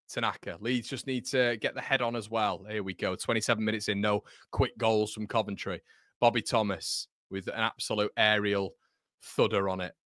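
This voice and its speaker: A man hosting a live football watchalong, commentating excitably and bantering with his chat. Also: on the low side, dry recording, clean studio sound.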